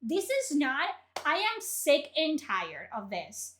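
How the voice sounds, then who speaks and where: A woman's voice: high voice, wildly swooping pitch, slow pace, a little hiss or hum. A young woman, furiously ranting and swearing as she reacts to articles on her stream. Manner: furious, profane, shouting outbursts. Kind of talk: angry ranting commentary.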